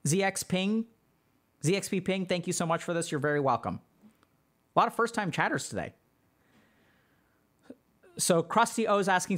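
A man hosting a livestream, explaining ideas to his chat in a relaxed, slangy way full of fillers. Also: high-pitched, unhurried, long pauses. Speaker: livestream host answering chat. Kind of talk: casual teaching chat.

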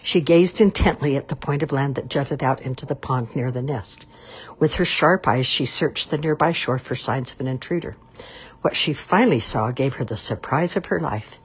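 A woman reading a children's novel aloud in an expressive, measured way. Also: a bass voice, husky. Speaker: storyteller.

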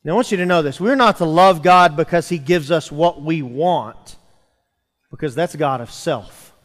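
In a church sanctuary, a man with a slightly high voice delivers a sermon at moderate pace, building emphasis and calling out to his listeners as pastor. A long reverb tail trails his words.

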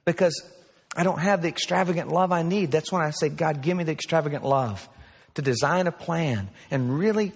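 A man's voice: fairly high pitch, fairly quick, breathy edge. A pastor in his forties preaching an earnest, story-driven sermon. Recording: played sermon recording with long reverb.

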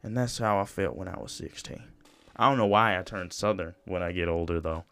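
A young man's low-pitched, smooth, slightly bright voice carries his solo podcast at a little fast pace. His talk is casual, rambling, and profane, full of "you know" and restarts.

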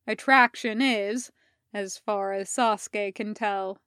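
A woman reading fan fiction aloud in an even, measured storytelling manner. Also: mid-range voice, dry recording, clean studio sound. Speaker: podfic reader.

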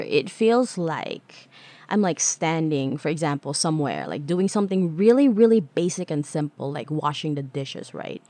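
A woman hosting a casual solo podcast, bubbly and rambling, chatting warmly to her listeners and asking herself their questions. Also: low-pitched, lively intonation, normal speed, no echo. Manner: bubbly, rambling, talks to listeners as "beautiful creatures". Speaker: podcast host.

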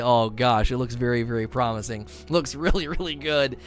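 A man commentating live on a stream, excitable, with quick bursts of enthusiasm and fillers. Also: mid-range voice, faint music behind.

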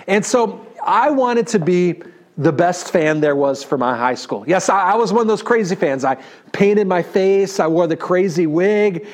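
New york pastor guy, fairly high voice, lively storytelling sermon, keeps asking right?. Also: a little slow. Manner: animated, talks to the audience with "right?".

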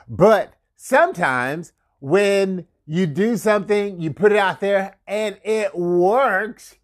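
A man hosting a marketing podcast, giving motivational business advice in an energetic, conversational way with frequent chuckles and repeated catchphrases. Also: sits high, a little slow. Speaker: podcast host and marketing coach. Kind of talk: casual motivational talk.

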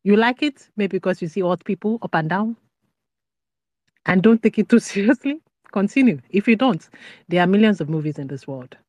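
Easygoing woman, relaxed and chuckling. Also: medium pitch, brisk, no echo, muffled recording. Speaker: panel guest. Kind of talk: casual panel chat.

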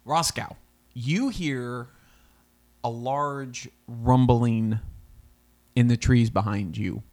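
A man narrating as game master in a tabletop game, relaxed and quick to laugh. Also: medium pitch. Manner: relaxed, laughs often, easygoing.

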